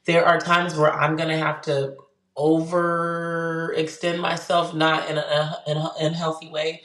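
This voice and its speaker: A woman's voice: sits low, unhurried, reverberant. A woman counselor talking casually and animatedly, telling stories with lots of fillers. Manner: animated storyteller, frequent fillers. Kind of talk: casual discussion.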